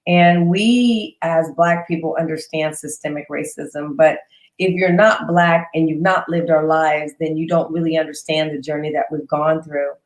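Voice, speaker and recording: A woman's voice: deep voice, fairly even intonation, moderate pace. A woman hosting an interview, effusive and gushing as she asks her questions. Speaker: interview host. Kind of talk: casual interview chat. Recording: echoey room.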